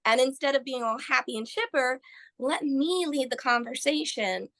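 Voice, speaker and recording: A woman speaking as a podcast guest, her voice sitting a little on the high side. She talks earnestly and tells her story with animated turns. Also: normal speed. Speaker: guest, author. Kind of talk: podcast interview.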